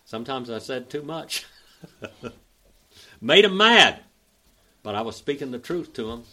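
An older man with an Oklahoma Southern accent, teaching a Bible study in a folksy, drawling way and spelling out the Greek grammar slowly. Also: mid-range voice, very animated, pushed and bright.

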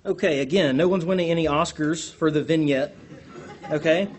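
A man teaches a church class, drawing the group out with questions. His voice is husky and sits a little high, and he talks in an animated way, poking fun at himself. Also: normal speed. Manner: animated, asks the group questions, self-deprecating.

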